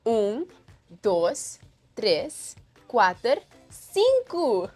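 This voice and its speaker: A woman's voice: fairly high pitch, wildly swooping pitch, extremely slow, a little mellow, faint music behind. A woman teaching a children's language lesson, playful and encouraging, praising and counting along.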